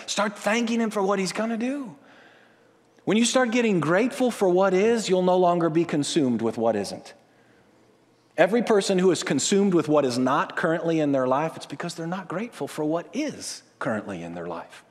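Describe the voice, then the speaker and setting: High-voiced pastor preaching in a reverberant hall. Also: male voice, fairly quick. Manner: animated, acts out quoted prayers and excited voices. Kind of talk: sermon.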